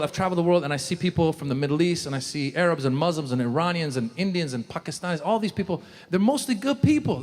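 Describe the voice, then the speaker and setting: A man in his forties, originally from Iran, performing a stand-up comedy set on stage, shouting his punchlines. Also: on the high side, big-room sound. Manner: animated, loud punchlines with shouted quoted lines. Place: comedy stage before a live audience.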